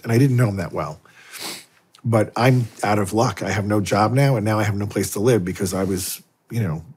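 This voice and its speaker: A man's voice: on the low side, breathy edge. A middle-aged man, a Catholic priest, telling stories in a long interview and acting out the dialogue as he goes. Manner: animated anecdotes, acting out dialogue. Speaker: guest, Catholic priest and exorcist. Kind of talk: storytelling in a long-form interview.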